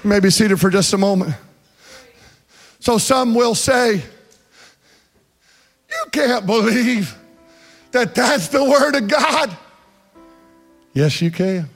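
A man preaching a fervent sermon in a church, swinging between shouted passages and hushed speech. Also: very high voice, slow pace, long pauses, soft background music. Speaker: pastor. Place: church sanctuary.

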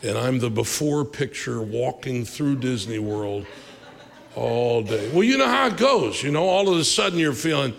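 A man preaching a sermon as pastor, in a conversational, animated way with asides and quick laughs. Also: medium pitch, vocal fry. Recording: reverberant hall.

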